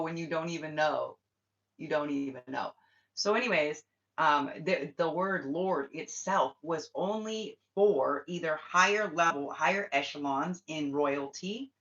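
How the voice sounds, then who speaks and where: A woman's voice: sits low, fairly bright tone. A woman hosting a spiritual livestream, talking bluntly and swearing often as she rants to her viewers. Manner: blunt, profane, ranting. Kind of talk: casual livestream chat. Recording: dull lo-fi livestream audio.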